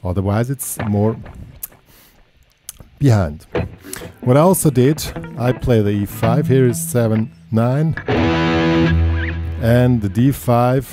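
A man talks through a casual guitar lesson in a relaxed, chatty way, counting in and scatting the rhythms he plays. His voice sits at an ordinary middle pitch. Loud electric guitar music plays behind him. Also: takes it slowly, pauses often. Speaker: guitar teacher. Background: electric guitar playing.

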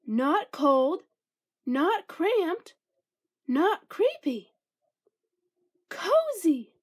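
A tiny house mouse squeaks in a high, bright voice, as a woman reading aloud puts him on. He is fussy and easily thrilled, and his pitch leaps up and down. It is a small storybook creature with a quick, excited manner. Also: full character voice. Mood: delighted.

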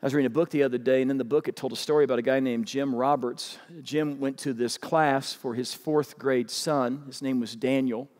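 A man preaching a sermon as pastor, animated and urging his congregation to respond. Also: fairly quick, hardly any pauses. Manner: animated, urging the crowd with rising pitch. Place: large church auditorium. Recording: long hall reverb.

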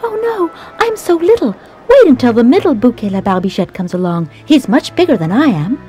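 A woman voicing the youngest, tiny billy goat, who pleads in a squeaky voice. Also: sing-song, brisk, warm tone, faint music behind. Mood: pleading.

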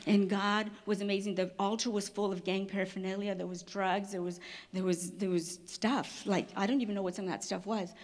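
Woman conference speaker, personal testimony, lively, mid-pitched storyteller, restarts and laughs. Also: brisk. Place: stage at a women's conference.

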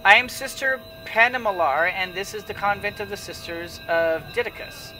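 Man playing a serene, threatening nun; calm, portentous, pitched up. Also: moderate pace. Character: serene, menacing woman nun, devout and calm. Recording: distant mic with music behind.

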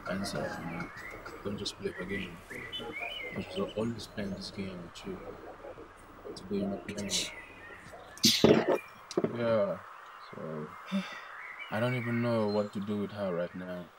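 An actor with a Nigerian accent playing an impatient, dismissive young boyfriend who talks brusquely and repeats himself. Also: male voice, on the low side, a little slow, long pauses. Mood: plotting. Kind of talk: Nollywood film acting. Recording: noisy film soundtrack.

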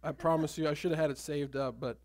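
A man's voice: on the high side, steady tone, quick pace, darkish tone, no echo. A man, a pastor, making casual, teasing remarks in church and laughing easily. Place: church sanctuary.

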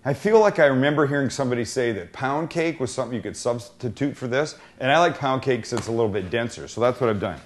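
Man, cooking show host, casual joking chat, thinks out loud, faint background noise. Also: mid-range voice, animated, quick pace, few pauses.

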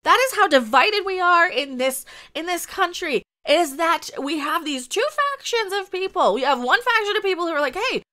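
Brief: exasperated woman, high sharp voice, angry swearing rant. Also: expressive, moderate pace, hardly any pauses. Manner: angry, exasperated ranting with heavy swearing and repetition. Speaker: YouTube commentator. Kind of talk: ranting commentary video.

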